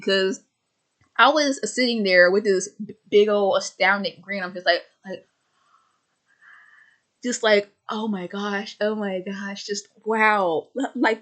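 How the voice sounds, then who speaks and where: A woman with a stutter reviewing a film in casual, rambling chat, full of fillers and repeated words, slipping into quick voices for the characters. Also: medium pitch, a bit bright. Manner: acts out characters' lines in quick put-on voices.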